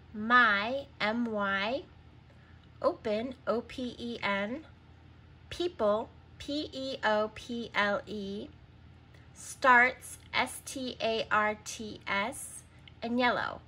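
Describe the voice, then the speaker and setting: A woman's voice: on the high side, sharp tone, a little hiss or hum. A woman teaching a recorded reading lesson to young children, sounding out words, spelling them letter by letter and patiently prompting answers.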